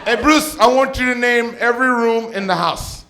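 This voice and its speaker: A man voicing his tipsy, trash-talking middle-aged mother in a stand-up bit, loud and mocking. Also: a little high, normal speed, pitched above the performer's own voice, natural voice. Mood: taunting. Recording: stage mic with laughing crowd.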